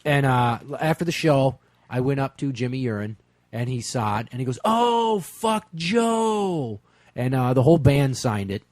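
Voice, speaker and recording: A man's voice: medium pitch, a little fast, a little mellow, dry recording. Profane rambling male comedy host. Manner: profane, rambling anecdotes with fillers. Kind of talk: crude comedic storytelling.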